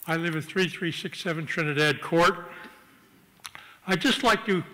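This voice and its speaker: Man, earnest, high bright voice, council chamber reverb. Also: normal speed, slight background noise. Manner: earnest, reads from code book. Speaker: public commenter. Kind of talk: public hearing testimony.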